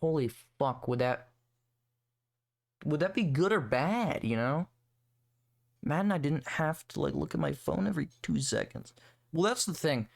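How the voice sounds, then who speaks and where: A man's voice: fairly high pitch, animated, moderate pace, vocal fry, pauses often. A young man hosting a solo podcast, rambling and swearing in a sarcastic, casual rant. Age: young adult. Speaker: podcast host.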